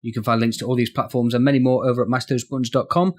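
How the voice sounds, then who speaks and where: A man's voice: mid-range voice, little pitch movement, racing. A man co-hosting a casual gaming podcast, chatty and teasing, sometimes stumbling over words. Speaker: podcast co-host.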